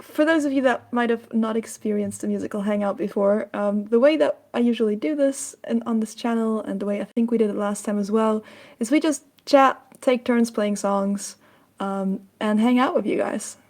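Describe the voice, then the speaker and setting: A woman's voice: fairly high pitch, normal speed, darkish tone. A young German woman with a German accent, chatting casually on a live stream and laughing often into a small USB mic. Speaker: guest musician.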